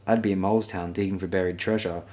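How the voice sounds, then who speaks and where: A nervous young recruit who likes to joke, read by a man in a fantasy audiobook, delivered in a deep, low voice. He reads it plainly, without a distinct put-on voice. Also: steady tone, fast talker, a little mellow, lightly acted.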